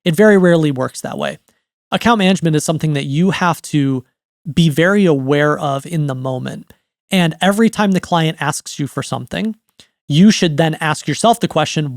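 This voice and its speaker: Man, 30s, writing coach; chatty lesson delivery, gravelly edge, dead-dry recording. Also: on the high side, no room sound. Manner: conversational, repeats "right?" often. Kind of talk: educational monologue.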